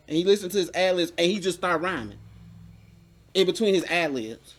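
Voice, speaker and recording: A man's voice: high-pitched, expressive, a little fast, a bit bright. A man in casual chat, telling a story with animation and acting out the quotes, recorded in a media studio.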